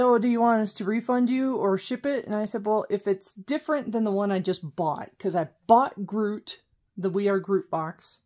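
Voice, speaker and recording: A woman vlogger with a mid-range, darkish voice chats casually, rambling and correcting herself as she goes.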